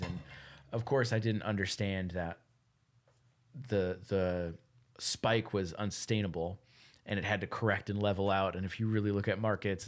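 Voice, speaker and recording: A young man co-hosting a podcast, telling a rambling, relaxed story in casual chat. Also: lowish voice. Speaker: podcast co-host.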